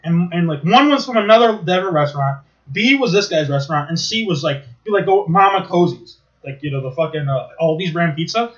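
A man chatting casually, telling rambling, profane, animated stories. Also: on the high side, a little fast, hardly any pauses. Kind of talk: casual chat. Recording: dull lo-fi recording.

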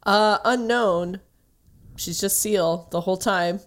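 A woman's voice: medium pitch, takes it slowly. A woman co-hosting a podcast, chatting casually about a novel with many fillers and laughs. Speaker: podcast co-host. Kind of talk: casual book discussion.

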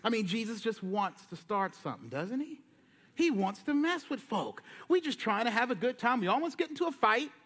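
A man preaching a sermon from a church, telling the story with lively voices and casual slang. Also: very high voice, a little fast, husky. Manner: lively storytelling, acting out Jesus and disciples in slang. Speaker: pastor. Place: church sanctuary.

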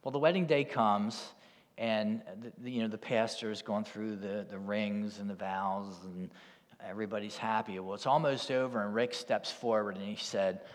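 A man's voice: fairly low pitch, fairly even intonation, normal speed, long reverb tail. A man preaching a sermon as a pastor, telling a story in a conversational way. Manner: storytelling, conversational with "you know" asides. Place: church.

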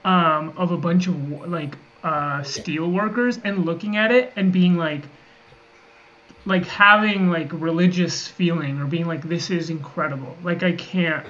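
A man's voice: fairly high pitch, a little slow, bright, forceful tone. A man co-hosting a casual livestream chat, telling a long story full of filler words and restarts. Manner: rambling, filler-heavy storytelling. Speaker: podcast co-host. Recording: muffled audio with faint ambient noise.

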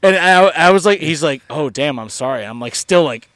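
A man's voice: a little high, lively intonation, a little fast, a bit bright, dry recording. Young guy podcast cohost, rambly and sweary, dry close sound. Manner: rambling, swearing, laughing storyteller. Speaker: podcast co-host. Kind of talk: casual chat.

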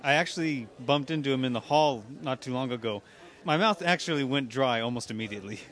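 A man's voice: medium pitch, quick pace, fairly bright tone. A man guesting on a casual convention interview, answering modestly and a little sheepishly. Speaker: voice actor guest.

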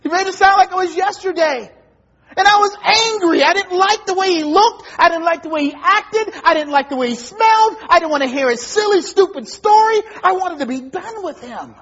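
Male pastor, high-pitched, animated storyteller in a sermon, dull lo-fi sound. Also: normal speed. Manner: storytelling, acts out voices, rising to emphatic shouts.

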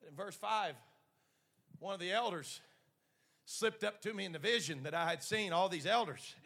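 A man's voice: high voice, moderate pace, creaky, fairly bright tone. A man preaching a sermon who retells scripture dramatically and calls on the congregation to answer back.

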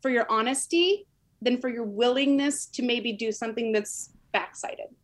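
A woman's voice: a little high, moderate pace. A woman who runs a small business, chatting casually and saying "like" often. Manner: chatty, fond of "like". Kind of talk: casual chat.

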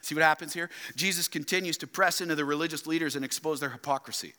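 A man preaching a sermon, swinging between loud emphatic outbursts and quiet, low asides, often asking his listeners rhetorical questions. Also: fast talker, big-room sound. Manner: addresses listeners as "loved ones" and asks rhetorical questions. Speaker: pastor. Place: church sanctuary.

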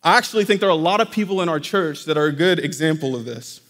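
A man's voice: on the high side, expressive, fast, a bit bright. A man preaching a sermon in a church, talking to the congregation directly in a conversational way. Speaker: pastor. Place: church sanctuary. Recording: long reverb of a church hall.

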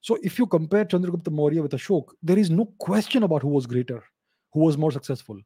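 A man's voice: fairly high pitch, expressive, fast, dark tone, slightly rough, dry recording, studio quality. A man, hosting his channel and answering viewer questions in an emphatic monologue that often repeats and restarts phrases. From India.

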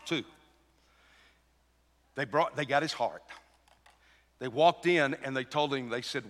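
A man preaching a sermon as pastor, moving from a quiet told story to emphatic, rising preaching. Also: mid-range voice, takes it slowly, long pauses, long reverb tail.

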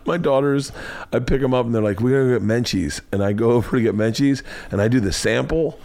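A man hosting a podcast, chatting casually and telling animated stories with plenty of swearing. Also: medium pitch, quick pace, vocal fry. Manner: animated storyteller, swears a lot. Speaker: podcast host. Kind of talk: casual chat.

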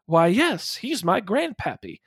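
A woman's voice: mid-range voice, big pitch swings, measured pace, breathy edge, dry recording, studio quality. A man voicing a young woman secretary with a refined Southern accent, polite and proud. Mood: prim. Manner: refined, prim politeness turning indignant.

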